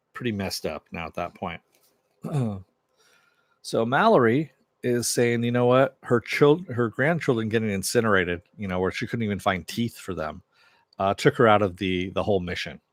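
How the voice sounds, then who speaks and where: A man reviewing a TV show casually recaps an episode, retelling scenes loosely with many fillers and quoted lines. His voice sits on the low side, and there's no echo.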